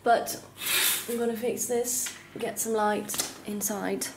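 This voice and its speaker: A woman's voice: a little high, steady tone, slow pace, vocal fry, noisy background. A young woman chatting casually in a self-filmed vlog at home, often dropping to a near whisper. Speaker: vlogger. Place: her home. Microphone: camera held by herself.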